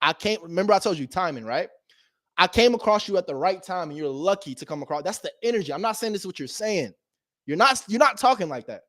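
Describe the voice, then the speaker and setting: A man giving a casual motivational talk as a host, animated and slangy, swinging between loud emphasis and low asides. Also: quick pace, dry recording, clean studio sound. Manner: slangy and direct, addresses viewers as bro. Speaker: real estate investor and video host.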